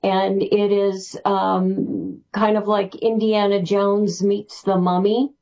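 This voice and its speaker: Slow-speaking woman guest on a dull line. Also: mid-range voice. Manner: excited, rambling with restarts. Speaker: spiritual author guest. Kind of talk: interview answers.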